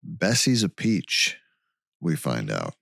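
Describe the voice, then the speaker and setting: A man's voice: low voice, slow pace, vocal fry, dry recording, studio quality. A man co-hosting a podcast, casually retelling a case from his notes. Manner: relaxed storytelling from notes. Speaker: podcast co-host. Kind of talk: casual chat recapping a case.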